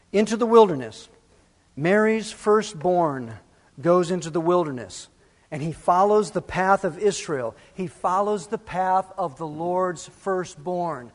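A man's voice: sits high, long reverb tail. A man preaching a sermon as pastor, emphatic and full of rhetorical questions.

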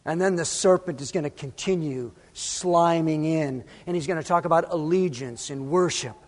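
A man's voice: on the high side, normal speed, big-room sound. A man preaching a sermon as pastor, emphatic and full of rhetorical questions.

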